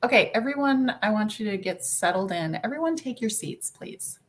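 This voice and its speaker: A woman's voice: mid-range voice, animated, moderate pace. A woman hosting a casual livestream, greeting viewers by name and swearing offhandedly. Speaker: livestream host. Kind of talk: casual live chat.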